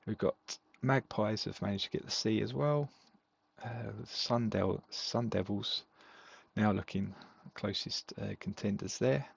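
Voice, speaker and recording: The recording has its highs cut off, and the podcast co-host's fairly low voice comes through creaky and husky at an unhurried pace. He chats casually about fantasy football games, rambling along with fillers.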